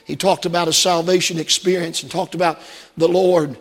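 A man's voice: fairly high pitch, level tone, fairly quick, husky, long reverb tail. A man preaching a sermon to his congregation, earnest and repetitive, asking them direct questions. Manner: earnest, repeats phrases, rhetorical questions to the congregation. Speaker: pastor. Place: church.

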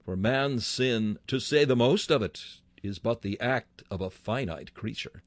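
A man's voice: medium pitch, a little slow, no echo. A man preaching a sermon with fervent delivery, his voice rising sharply on key words.

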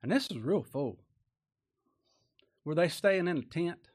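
A man's voice: on the high side, animated, measured pace. A man preaching a folksy sermon, often asking rhetorical tag questions and chuckling.

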